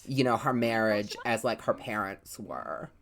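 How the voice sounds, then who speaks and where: A woman's voice: rumbling low, fairly even intonation, unhurried. A woman giving casual, rambling gameplay commentary, cursing freely and filling her talk with "like" and "you know". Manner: chatty, profane, rambling storytelling with many fillers. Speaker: let's play host.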